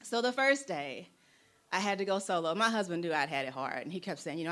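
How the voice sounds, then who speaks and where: A young adult woman telling a personal story in an animated, playful way, acting out the voices she quotes. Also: fairly low pitch, a little fast.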